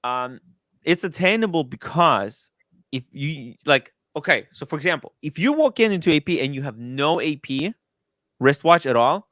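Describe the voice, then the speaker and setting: A man hosting a casual watch livestream, talking in an excitable, animated way with quick asides to the chat. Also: fairly high pitch, no room sound, clean studio sound. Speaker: livestream host. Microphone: studio microphone.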